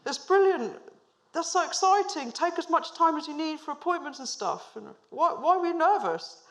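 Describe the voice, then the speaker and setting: A woman playing a thrilled, beaming male boss. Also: moderate pace. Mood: delighted. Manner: high, excited, beaming. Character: delighted male boss, warm and generous.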